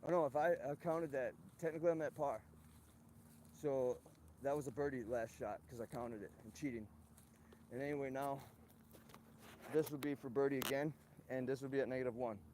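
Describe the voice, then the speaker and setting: A man's voice: mid-range voice, moderate pace, pauses often, darkish tone, slight background noise. A man hosting a livestream outdoors at a golf course, rambling and ranting with plenty of profanity. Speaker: livestream host. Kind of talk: rambling live-stream monologue.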